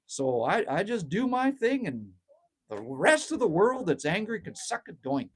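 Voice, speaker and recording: His high-pitched voice has big pitch swings and a breathy edge, and he keeps a measured pace. The speaker is a middle-aged Canadian hosting a casual livestream by phone, outdoors at a cabin, reading out viewer comments while rambling, ranting and swearing freely.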